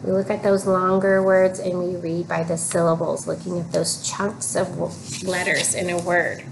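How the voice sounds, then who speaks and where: A woman teaching an early reading lesson, giving slow, clear prompts and repeating cues for children to read aloud. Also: on the low side, flat delivery. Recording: noticeable background noise.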